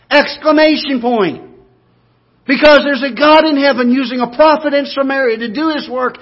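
A pastor preaching a sermon, moving from quiet, low talk up to loud, emphatic, repeated declarations. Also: male voice, moderate pace, dull audio.

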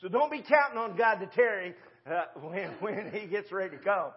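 A man's voice: high-pitched, moderate pace, muffled recording. A man in his sixties preaching a sermon in a church, in a folksy, conversational way full of rhetorical questions. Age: 60s. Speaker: pastor. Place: church sanctuary.

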